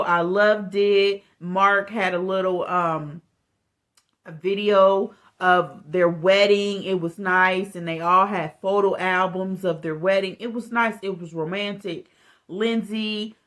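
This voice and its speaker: A woman talks through a reality TV episode in an unhurried, drawn-out way, casual and candid. Her pitch sits right in the middle for a woman, and she comes across as openly sensitive. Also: a bit bright. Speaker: reality TV recap vlogger. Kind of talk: casual recap commentary.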